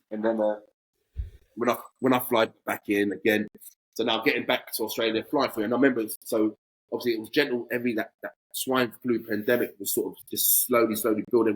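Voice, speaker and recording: A man's voice: fairly low pitch, slightly rough, rough recording. A man in his forties, a podcast guest telling a casual anecdote with animation and acting out both sides of conversations.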